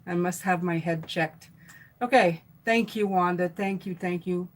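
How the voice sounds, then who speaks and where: In poor audio, a middle-aged woman hosts a live tarot reading in an unhurried, lowish voice. Her talk is loose, with fillers and restarts as she reads out comments from viewers.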